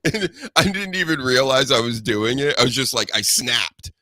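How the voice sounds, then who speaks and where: Animated, profane male podcast host. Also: medium pitch, moderate pace, no echo. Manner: animated, profane, jumps into mocking voices. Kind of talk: casual podcast chat.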